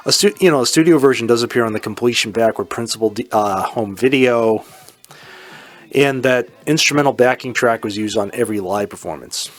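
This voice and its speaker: A man's voice: medium pitch, a little fast. Enthusiastic rambling man hosting a podcast. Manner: enthusiastic, rambling, exclaims "oh my goodness". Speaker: podcast host. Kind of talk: casual solo music commentary.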